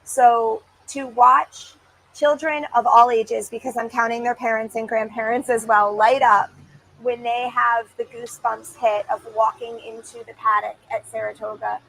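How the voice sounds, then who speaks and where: A woman's voice: a little high, little pitch movement, normal speed, gravelly, a bit bright, a little hiss or hum, low-quality recording. A woman in her thirties, a guest on a racing show, talking with heartfelt enthusiasm and frequent restarts. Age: 30s. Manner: gushing, heartfelt, with many restarts. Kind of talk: enthusiastic interview talk. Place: racetrack broadcast set.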